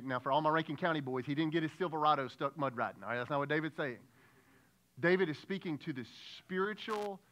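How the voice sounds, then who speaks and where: Bright-voiced pastor preaching conversationally. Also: male voice, on the high side. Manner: conversational preaching, asks the congregation questions, acts out prayers. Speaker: lead pastor. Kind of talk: sermon.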